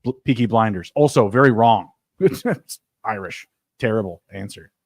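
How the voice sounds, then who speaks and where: A man's voice: moderate pace, dry recording, clean studio sound. Brash man talking bets. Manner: brash, excitable, swears, bursts up loud and high. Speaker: podcast co-host. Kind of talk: casual sports betting chat.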